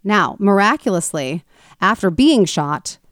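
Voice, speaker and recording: A woman co-hosting a podcast and telling a true-crime story in a chatty, animated way with frequent restarts. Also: mid-range voice, unhurried, dry recording, studio quality. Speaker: podcast co-host.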